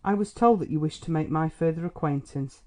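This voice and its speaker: A man voicing a sturdy, earnest young engineer in a storybook, calm and self-possessed. The timbre is mellow and warm. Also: fairly high pitch, a little fast, lightly acted. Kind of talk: audiobook character reading.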